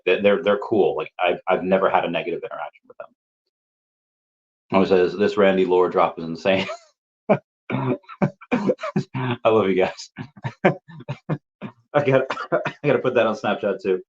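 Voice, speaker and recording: A man's voice: sits low, normal speed, long pauses. A man hosting a casual live stream who reads chat messages aloud, rambles with repeated words and laughs often, and coughs while getting over an illness. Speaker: livestream host answering chat. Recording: dull lo-fi stream audio.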